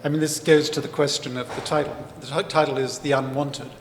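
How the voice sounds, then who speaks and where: A man's voice: mid-range voice, level tone, fairly quick, a little hiss or hum. Man explaining in an echoey hall. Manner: thoughtful, explanatory, with many fillers and restarts. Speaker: author and historian, interview guest. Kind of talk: live festival interview. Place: large hall at a book festival. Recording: echoey hall with faint ambience.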